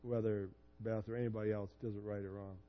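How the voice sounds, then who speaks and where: The highs are cut off in this clip of a pastor in his fifties, whose voice sits lowish and moves quickly. He preaches conversationally through personal stories, picking up energy as he retells them.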